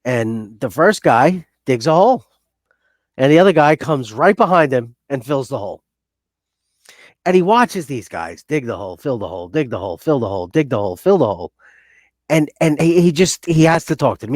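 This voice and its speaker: A male co-host with a middle-pitched voice, recorded close and dry with no room sound. He tells jokes casually and underplays them. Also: sing-song, brisk, dry recording. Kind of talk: casual joke telling.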